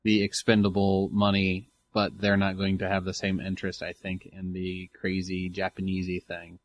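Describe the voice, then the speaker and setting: A man co-hosting a casual podcast, speaking in a low-key, thoughtful way. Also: completely flat delivery, moderate pace, lo-fi sound. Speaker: podcast co-host.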